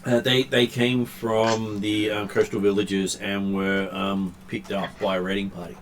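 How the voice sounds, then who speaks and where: A man running a tabletop game as game master, narrating with many pauses and fillers. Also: fairly low pitch, little pitch movement, a little hiss or hum. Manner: halting, many ums and uhs.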